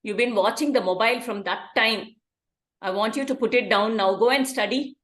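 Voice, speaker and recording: A woman's voice: on the high side, normal speed, a bit bright, lightly acted. A woman playing a strict mother scolding her child, lecturing in a raised voice. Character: strict scolding mother of a ten-year-old. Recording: echoey room.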